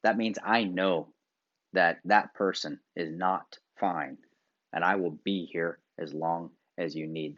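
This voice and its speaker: Coaching viewers through exercises, a US man with a fairly low pitch gives direct instructions in his motivational video talk as a workshop presenter. He alternates loud emphasis with quiet asides over dull lo-fi sound.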